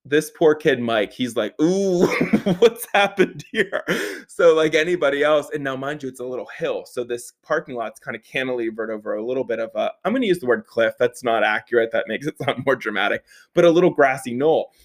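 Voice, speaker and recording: A young man telling a story in a casual way, animated and profane, often breaking into laughter. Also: medium pitch, quick pace.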